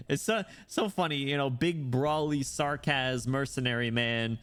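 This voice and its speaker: A man live-streaming as he reads a game story, breaking off into excitable reactions, laughing and swearing freely. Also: mid-range voice, slow pace, long pauses, clean tone, faint music behind.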